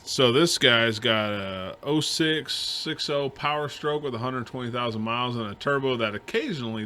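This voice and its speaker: A man with a bright, forceful voice makes dry cracks and reads a listener question aloud on a casual podcast. A faint hiss of background noise runs under him. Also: mid-range voice. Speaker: podcast co-host. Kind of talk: casual chat.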